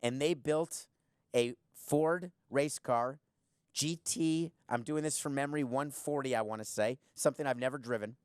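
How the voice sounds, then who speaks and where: A man hosting his own podcast, talking alone in a blunt, sarcastic way and piling up rhetorical questions. His voice sits at an ordinary middle pitch. The sound is dry and close, with no room around it. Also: moderate pace, smooth, dry recording. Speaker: podcast host. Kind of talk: opinionated solo commentary.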